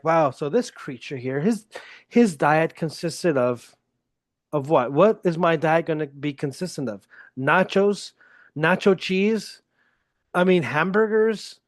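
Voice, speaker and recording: A man's voice: a little high, dry recording, clean studio sound. A man hosting a solo podcast in a casual, self-deprecating, joking manner. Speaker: podcast host.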